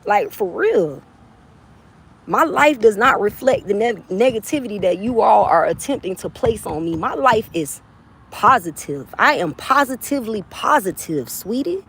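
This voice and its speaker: A woman's voice: mid-range voice, animated, moderate pace, a bit bright, slightly rough. A woman from the Southern US chatting casually with her viewers, brash and playful, laughing often and swearing freely. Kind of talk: casual livestream chat.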